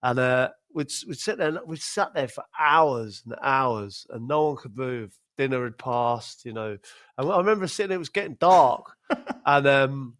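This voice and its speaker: A podcast host and former footballer casually tells a funny story, laughing often, repeating words, and acting out quotes. His voice is medium-pitched and a bit bright, at a moderate pace.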